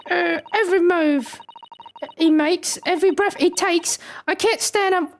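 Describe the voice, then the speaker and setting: A man voicing a brash cockney street girl in a strained, squeaky falsetto while playing a detective game. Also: steady tone, unhurried, a little hiss or hum. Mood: annoyed.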